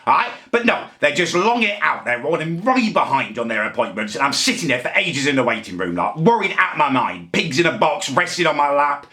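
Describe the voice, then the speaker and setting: A man's voice: on the high side, sing-song, brisk, few pauses, pushed and bright. A man vlogging casually to camera, ranting in exasperation and tagging his sentences with "right?". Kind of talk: casual vlog monologue.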